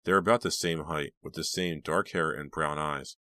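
A man narrating a teen thriller audiobook in a measured storytelling voice. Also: extremely low pitch, bright, forceful tone, no echo. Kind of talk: scripted narration.

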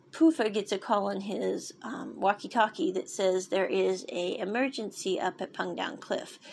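A woman's voice: medium pitch, gravelly, darkish tone, slight background noise. A woman casually recapping a story, rambling and digressive with many fillers and restarts. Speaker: show recapper.

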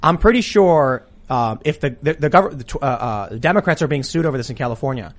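A man hosting a talk show, arguing politics in a casual, animated way. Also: medium pitch. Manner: animated, argumentative, quick asides. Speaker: podcast host.

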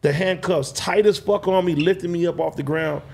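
A man's voice: sits high, normal speed, gravelly, darkish tone, breathy edge. A man telling a long personal story in casual, slang-heavy, swearing chat.

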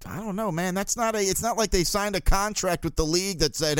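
A man's voice: high voice, fairly quick, hardly any pauses, a bit bright, clear, resonant tone, no room sound, studio quality. A man hosting a casual sports podcast, blunt and swearing, with chuckling asides. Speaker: podcast host.

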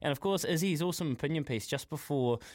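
A New Zealand man hosting breakfast sports radio, reading links, times and sponsor lines in an upbeat, brisk way. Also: fairly high pitch, a little mellow. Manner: upbeat, brisk announcer delivery.

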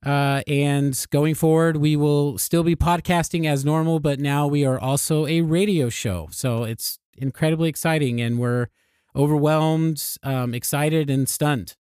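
Smooth-voiced upbeat podcast host man. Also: fairly high pitch, fairly even intonation, a little slow, a little mellow, dry recording, studio quality. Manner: upbeat, laughs often, rambling restarts. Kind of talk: casual podcast chat.

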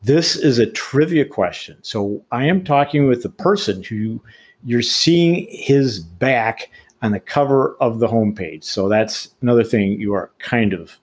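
A man's voice: medium pitch, lively intonation, measured pace, slightly rough. An older man hosting an interview, asking rambling, stammering questions. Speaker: podcast host, interviewer. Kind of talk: casual interview conversation.

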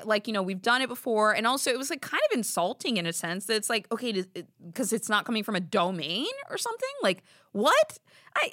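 A woman's voice: mid-range voice, bright, forceful tone, dry recording, clean studio sound. A young adult woman, hosting a podcast and telling a story in a chatty, exasperated way full of "like"s. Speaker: podcast host. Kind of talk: casual storytelling.

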